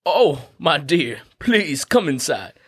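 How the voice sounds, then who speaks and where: A man's voice: on the high side, sing-song, slow pace, a bit bright, slightly rough, full character voice. A man drawling as a vain, pompous lion. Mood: courtly. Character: pompous, vain male lion, king of the jungle.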